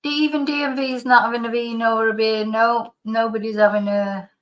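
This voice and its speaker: A middle-aged woman with a slight lingering cough hosts a live stream, reading viewer comments in rambling, chatty talk with frequent restarts and laughs. Her voice is on the high side and level in tone, brisk, in a muffled recording.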